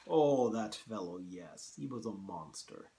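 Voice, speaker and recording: A man voicing a suave, menacing older Russian hunter general with a put-on Russian accent and a slow, low delivery. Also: animated, gravelly, dark tone, a little hiss or hum.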